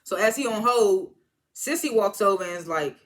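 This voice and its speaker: A TV episode reviewer giving a casual, animated recap, often correcting themselves and breaking into excited exclamations. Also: mid-range voice, moderate pace. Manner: animated, rambling, self-correcting.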